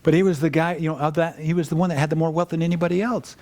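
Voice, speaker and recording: An older man giving a casual storytelling talk to an audience about his work in wealth planning, rambling and animated, with restarts and asides. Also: on the high side, very fast. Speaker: wealth planning firm founder.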